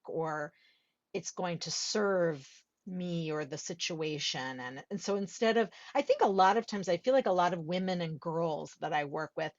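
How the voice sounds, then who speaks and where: Woman voice coach, kinda low voice, explaining things thoughtfully, muffled call audio. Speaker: voice coach leading a group call. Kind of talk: workshop discussion.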